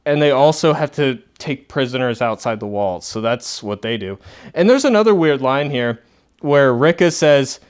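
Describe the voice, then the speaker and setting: A man's voice: mid-range voice, animated, moderate pace, clean tone. A young man giving a casual, chatty comic book review, often laughing and making sarcastic asides.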